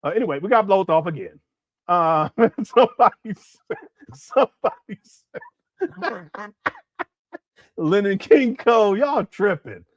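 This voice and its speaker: A giggly, rambling man hosts a casual livestream, talking with his chat in a high, very animated voice. He keeps laughing and breaking into bits of song. The sound is close and dry. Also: measured pace, long pauses, dry recording. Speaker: livestream host. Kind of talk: casual live-chat commentary.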